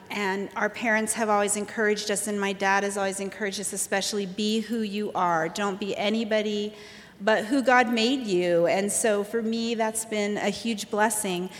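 A woman telling her personal testimony in a candid storytelling manner with fillers. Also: mid-range voice. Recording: long hall reverb.

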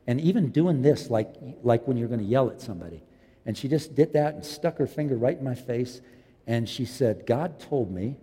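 Preaching as a pastor, a husky-voiced man in his fifties swings between loud, impassioned lines and quiet, low ones, heard through long hall reverb.

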